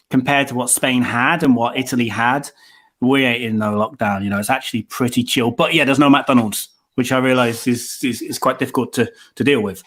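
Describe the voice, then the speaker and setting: A man's voice: medium pitch, a bit bright. A man from near Coventry with a mild English Midlands accent, chatting casually as a guest on a video call, rambling and restarting often. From England, near Coventry. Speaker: documentary filmmaker guest.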